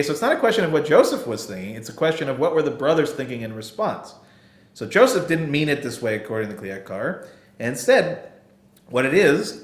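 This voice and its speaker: A man giving a sermon as a rabbi, explaining a scripture text and often checking in with his listeners with "okay" and "right.". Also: mid-range voice. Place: synagogue sanctuary. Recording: echoey room.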